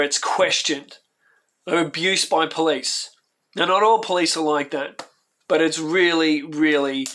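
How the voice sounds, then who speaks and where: This is an Australian man on his own YouTube channel, his voice slightly high and fairly bright. He rambles through heartfelt reaction commentary, repeating himself and circling back, getting emotional along the way.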